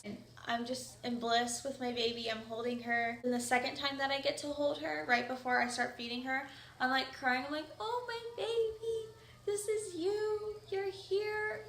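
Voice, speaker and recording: A woman's voice: sits high, fairly bright tone. A young woman vlogger casually telling a personal story, chatty and full of "like" fillers. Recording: echoey room.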